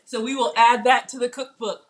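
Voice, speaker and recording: Chatty excitable woman. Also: on the high side, normal speed. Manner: chatty, excitable, talks while eating. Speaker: cooking livestream host. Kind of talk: casual live cooking chat.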